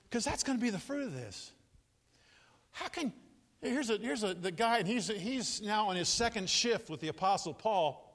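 An older man preaching a sermon in an animated, jokey way, often laughing and acting out quotes. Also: sits high, in a large hall. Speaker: pastor.

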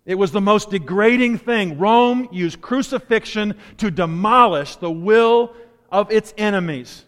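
A man's voice: high voice, unhurried, a bit bright. A man preaching a sermon in a conversational, storytelling way, with asides, in a church sanctuary with a long hall echo.

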